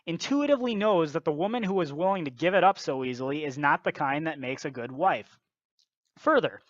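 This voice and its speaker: A man's voice: a little high, a bit bright, no echo. A man with a slightly raised voice lectures bluntly through scripted commentary. The sound is dull and dry, with no room around it. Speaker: video commentator.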